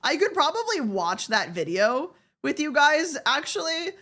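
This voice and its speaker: Lively, profane woman streamer. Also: high voice, a little slow. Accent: general American. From Southern United States. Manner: profane, joking, laughs often. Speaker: VTuber streamer. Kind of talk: casual live-stream chat with viewers.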